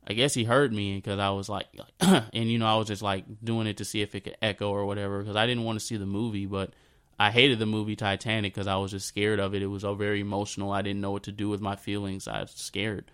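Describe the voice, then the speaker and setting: A man in his thirties tells a personal story in a halting, repetitive way, often dropping into a soft, low voice. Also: little pitch movement, clean tone. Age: 30s. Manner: halting, repeats himself, drifts into a soft low voice.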